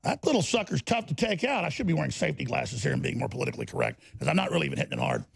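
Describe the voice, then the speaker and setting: A man's voice: fairly high pitch, sing-song, racing, vocal fry, slightly rough. A middle-aged man hosting a talk radio show, ranting with energy and tripping over his own restarts in the studio. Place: broadcast studio.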